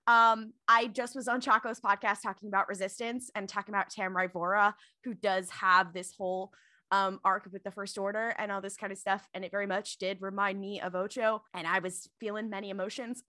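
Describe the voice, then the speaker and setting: A woman co-hosting a casual review podcast, talking in an animated way with lots of fillers. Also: mid-range voice, fairly quick, dry recording. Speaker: podcast co-host.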